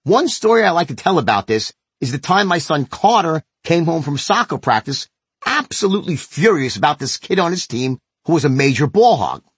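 A man's voice: on the high side, sing-song, moderate pace, husky, dry recording. A middle-aged man narrating a sales lesson in a blunt, emphatic way, with the odd swear word. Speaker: sales trainer. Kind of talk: instructional narration.

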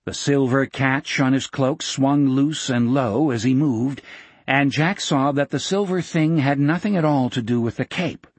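A man reading an audiobook narration in a measured, expressive way, shifting pace with the action. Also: mid-range voice, breathy edge, dry recording.

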